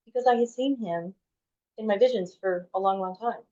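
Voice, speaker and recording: A woman's voice: mid-range voice, moderate pace, mellow. A woman in her forties, a podcast guest telling a personal story in a chatty way, full of "like" and restarts. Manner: chatty, heavy use of "like", frequent restarts. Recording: dull lo-fi audio.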